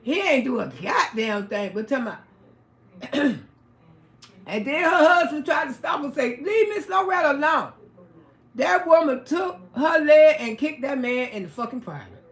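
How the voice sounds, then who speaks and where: Livestream host, female, high bright voice, swears freely while she tells a story, echoey room. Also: unhurried. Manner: profane, animated, emphatic retelling. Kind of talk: casual storytelling to a live audience.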